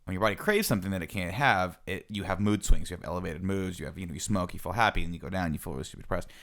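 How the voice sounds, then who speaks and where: A man's voice: low voice, rapid-fire, creaky, fairly bright tone. A man in his thirties, a podcast co-host, telling a self-mocking story in casual chat. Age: 30s.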